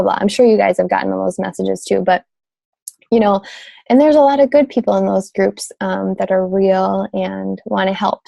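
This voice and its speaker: A woman's voice: medium pitch, vocal fry, warm tone, no room sound. A woman in her thirties giving casual coaching tips on a team call, chatty and full of fillers, often saying "you guys".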